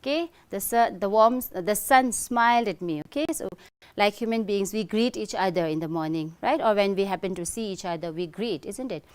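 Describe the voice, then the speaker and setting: A woman's voice: medium pitch, normal speed, smooth. A middle-aged woman teaching an English lesson, explaining step by step and checking in often with "okay?" and "right?". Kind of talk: recorded online lesson.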